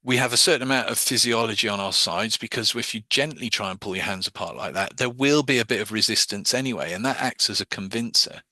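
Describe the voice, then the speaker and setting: A man's voice: fairly low pitch, fast talker, few pauses, bright, forceful tone, no room sound. A man teaching hypnosis, explaining his own wording step by step as he demonstrates the techniques.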